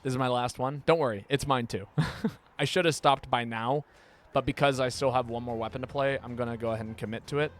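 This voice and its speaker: A man live-streaming a game, talking casually and playfully, often stumbling and repeating words when excited. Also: mid-range voice, brisk, soft background music.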